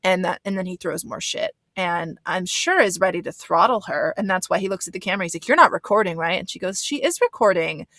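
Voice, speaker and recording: A woman's voice: fairly low pitch, steady tone, quick pace, few pauses, fairly bright tone, no room sound. A woman giving a casual recap commentary of a reality show, blunt and swearing, with lots of fillers. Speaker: reaction commentator.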